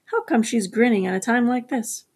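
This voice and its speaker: A woman's voice: on the high side, normal speed, darkish tone, breathy edge. A woman voicing a grumbling, suspicious man in an audiobook.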